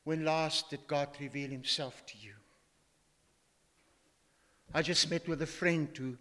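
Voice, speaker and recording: An older male pastor delivers an emphatic sermon in a fairly high voice, pressing his listeners with rhetorical questions. His words ring out in a church hall with a long, lingering reverb. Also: measured pace, bright, forceful tone. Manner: emphatic, asks rhetorical questions, quotes scripture.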